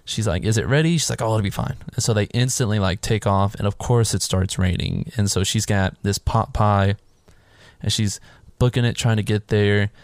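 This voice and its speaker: A podcast host with a lowish voice recaps a film's plot in casual, rambling chat, at normal speed and with fairly even intonation. He slips into the characters' lines as he goes and swears along the way. The sound is dry and close, with no room echo at all.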